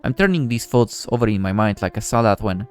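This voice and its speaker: A man's voice: lowish voice, fairly quick, smooth, soft background music. A man reading a visual novel aloud as the male lead, narrating wryly with joking asides. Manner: wry, lively narration with asides. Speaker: game let's-play narrator.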